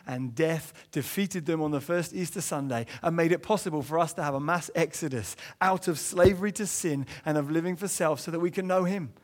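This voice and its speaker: A man from England preaching a sermon in church, earnest, sometimes dropping low and soft to press a point. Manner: earnest, rises high for quoted inner voices, drops low and soft to stress points.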